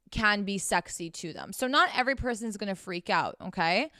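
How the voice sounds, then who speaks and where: Young woman ranting brash advice, mid pitch, crisp voice, lots of swearing. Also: fairly bright tone, no echo, studio quality. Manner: profane, brash and emphatic. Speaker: podcast host giving sex advice. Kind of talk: blunt advice monologue.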